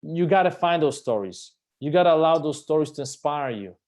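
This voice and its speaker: A man telling stories as a guest on a live stream, animated and emphatic, swearing freely as he talks. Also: a little high, fairly quick. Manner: animated, emphatic storyteller who swears casually. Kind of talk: live-stream conversation, storytelling.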